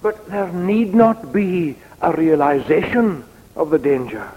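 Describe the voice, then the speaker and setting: Male preacher, unhurried expository sermon, mid-pitched voice, long hall reverb. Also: expressive, husky, narrow, tinny audio. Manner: measured, deliberate, reads out quotations.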